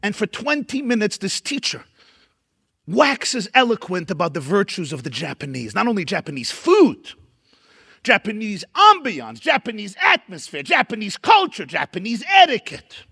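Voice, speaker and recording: A man's voice: high-pitched, huge pitch swings, moderate pace, creaky, bright, forceful tone, breathy edge, no room sound, clean studio sound. A man, a rabbi, giving a storytelling keynote lecture at a dinner event, emphatic and building up lists.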